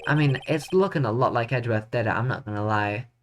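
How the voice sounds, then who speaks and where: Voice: medium pitch, quick pace, a little hiss or hum. A tired, yawning streamer reading game text aloud and reacting bluntly with swearing during a live playthrough.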